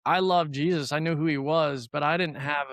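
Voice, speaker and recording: Middle-aged guy talking faith stuff, smooth clear voice, a bit high, earnest storytelling. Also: steady tone, normal speed, fairly bright tone, no echo. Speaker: podcast host. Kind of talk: faith-based conversation.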